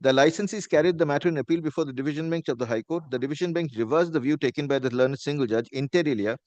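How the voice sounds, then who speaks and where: Fast-talking Indian advocate addressing a judge. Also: male voice, fairly high pitch, darkish tone, no room sound. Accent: Indian English. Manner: formal, repeats "my lord" constantly. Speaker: advocate arguing before a judge. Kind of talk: courtroom legal argument. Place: courtroom.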